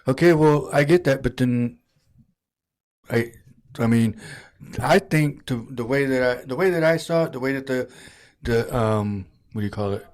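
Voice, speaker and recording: A man hosting a casual talk show, speaking quietly with brief replies and reading viewer comments aloud. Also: mid-range voice, moderate pace, pauses often. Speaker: host. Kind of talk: casual chat.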